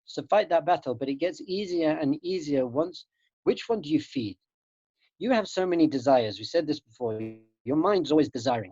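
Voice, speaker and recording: A man's voice: fairly high pitch, very animated, normal speed, vocal fry, warm tone, slightly rough, no room sound. A man, a rabbi teaching students in an earnest, emphatic spiritual talk, often repeating his key phrases, heard over a video call. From England. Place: home room in Jerusalem. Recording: dull lo-fi online call audio.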